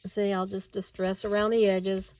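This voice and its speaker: A woman's voice: mid-range voice, level tone, normal speed, darkish tone, no echo. A woman hosting a casual craft tutorial at home, chatting with viewers and laughing at herself as she cuts and glues.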